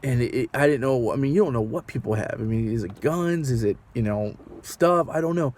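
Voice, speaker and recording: Male rideshare driver, vlog storyteller, mellow, rambly and nervous, rhetorical questions to camera. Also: mid-range voice, fairly quick. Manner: rambling, anxious, asks the viewer rhetorical questions.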